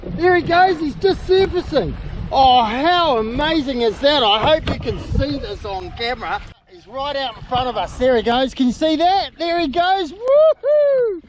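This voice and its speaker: A middle-aged man with a New Zealand accent, narrating an excited outdoor vlog from a kayak at sea and often calling out loudly. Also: very high-pitched, moderate pace, low-quality recording. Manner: excitable, exclaiming, calls out loudly. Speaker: kayak fishing host. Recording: wind and water noise.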